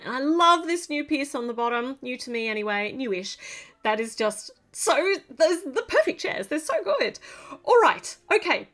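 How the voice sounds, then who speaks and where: A woman's voice: a little high, a bit bright. An Australian woman narrating a LEGO build in a chatty, gushing way, praising each step as she goes.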